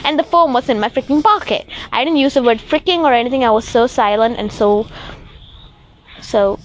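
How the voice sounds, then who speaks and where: Young woman, fairly high voice, rambling storytime vlog, casual swearing, faint background hum. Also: a little fast. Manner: animated, swears casually, acts out quoted voices. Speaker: vlogger. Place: rooftop at night.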